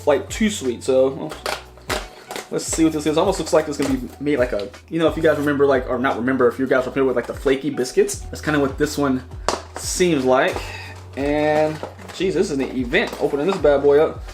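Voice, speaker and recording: A man's voice: on the high side, fairly quick, over music. A man hosting a casual taste-test vlog, rambling and chatty, often talking while chewing. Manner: rambling, chatty, restarts and repeats words. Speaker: snack reviewer and channel host.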